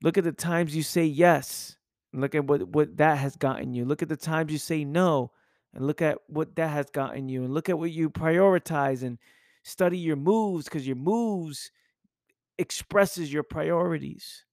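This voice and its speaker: In a studio-quality recording free of echo, a male podcast host gives a fervent, preachy motivational speech full of rhetorical questions. He speaks at a measured pace in a slightly high voice with a darkish tone.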